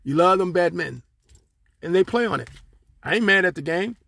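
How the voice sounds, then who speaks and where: A man's voice: high-pitched, expressive, normal speed, vocal fry, fairly bright tone, dry recording. A man from Pittsburgh hosting a solo podcast, talking in a rambling, streetwise, profane way with lots of fillers, speaking from his car. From Pittsburgh, USA. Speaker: podcast host.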